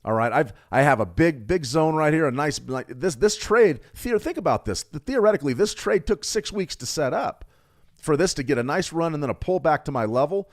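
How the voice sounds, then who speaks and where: A man's voice: fairly high pitch, expressive, fairly quick. A middle-aged man hosting a live trading psychology workshop, speaking emphatically and repeating his points directly to viewers. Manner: emphatic, repetitive, direct exhortations. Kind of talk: live workshop talk to traders.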